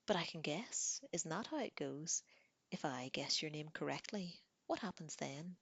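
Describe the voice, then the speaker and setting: A woman's voice: low voice, lively intonation, unhurried, husky, dry recording, full character voice. A woman doing a teasing young woman. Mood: coaxing. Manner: teasing, coaxing. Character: young woman, playful and coaxing, confident. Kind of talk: audiobook reading.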